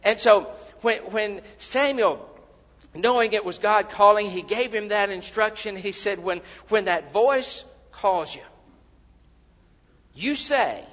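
A man preaching a sermon, who acts out the voices of the people he quotes and repeats words when he gets excited. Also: high voice, takes it slowly. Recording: dull sound in a big reverberant hall.

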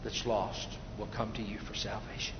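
A male pastor preaching an evangelistic sermon, swinging from loud urgent appeals to hushed prayer. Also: on the low side, level tone, moderate pace. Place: church sanctuary. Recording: dull echoey church hall recording with faint noise.

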